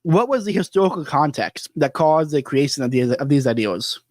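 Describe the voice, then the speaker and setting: A man's voice: on the high side, expressive, a little fast, no echo. A man hosting a podcast, telling stories animatedly and laughing often in casual conversation. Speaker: podcast host.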